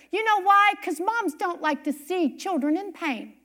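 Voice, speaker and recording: High, bright-voiced woman preacher. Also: a little slow. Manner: animated storytelling, emphatic repetition. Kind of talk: sermon testimony.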